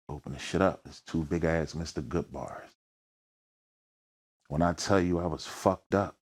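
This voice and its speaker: A low-voiced man with a Philadelphia accent sits down for an interview about his rap career. He talks in thick slang and tells his stories with energy, acting out the voices and sounds in them. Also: moderate pace, darkish tone, husky. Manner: slangy, peppered with "you know what I mean". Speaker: rapper, interview guest. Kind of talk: storytelling in a sit-down interview.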